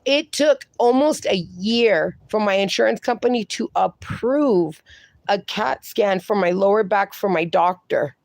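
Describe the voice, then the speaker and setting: A woman's voice: mid-range voice, lively intonation, unhurried, gravelly, darkish tone, dry recording. A woman hosting a casual livestream, reading viewer comments aloud and chatting, swearing freely. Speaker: livestream host reading chat.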